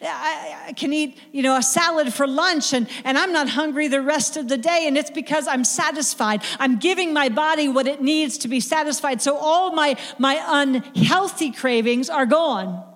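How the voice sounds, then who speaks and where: Female preacher, higher voice, emphatic with frequent restarts, live sermon in a reverberant hall. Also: normal speed, few pauses. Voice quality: emphatic, repeats words when excited.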